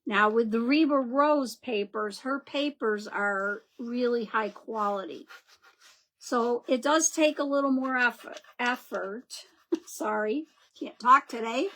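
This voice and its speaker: A woman's voice: a little high, slow pace, a bit bright. A woman hosting a live crafting demo, chatting and greeting viewers by name as she works. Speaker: craft livestream host.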